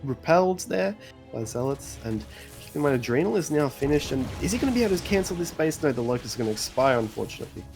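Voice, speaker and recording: A man's voice: fairly high pitch, fast talker, creaky. Sleepy, chatty male esports caster. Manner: relaxed, chatty, many ums and laughs. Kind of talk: live game commentary. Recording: faint game music underneath.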